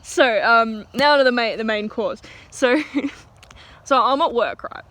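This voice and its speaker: A teenage girl vlogger with an Australian accent and a fairly high, slightly bright voice tells a storytime rant outdoors. She speaks slowly, chatty and giggly, with plenty of fillers.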